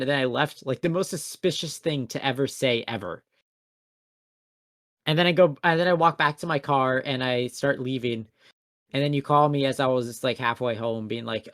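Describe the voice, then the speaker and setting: A man's voice: mid-range voice, steady tone, fairly quick, fairly bright tone, no echo, clean studio sound. A young man co-hosting a casual podcast, telling a rambling, self-mocking story with a passive-aggressive edge. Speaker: podcast co-host.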